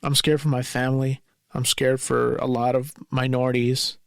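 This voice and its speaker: A man's voice: mid-range voice, flat delivery, moderate pace, vocal fry, no room sound, studio quality. A man hosting his own podcast, talking alone in an anxious, bitter way and swearing often. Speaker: podcast host. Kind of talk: solo podcast monologue.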